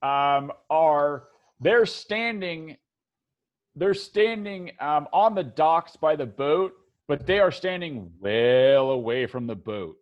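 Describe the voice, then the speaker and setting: Male game master, unhurried and halting, somewhat high pitch. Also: expressive, dull audio. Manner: halting, many fillers and restarts. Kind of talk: narrating a tabletop game.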